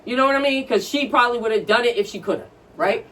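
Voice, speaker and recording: A woman's voice: a little high, quick pace, fairly bright tone. A woman co-hosting a podcast, telling stories in a blunt, profane, ranting casual chat. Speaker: podcast co-host. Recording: distant from the mic.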